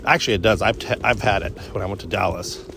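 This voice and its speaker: A man's voice: on the low side, fast talker, noisy background. A man talking casually while out on a morning walk, meandering from thought to thought and restarting sentences often. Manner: meandering, self-interrupting, frequent restarts. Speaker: vlogger. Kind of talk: rambling walk-and-talk vlog.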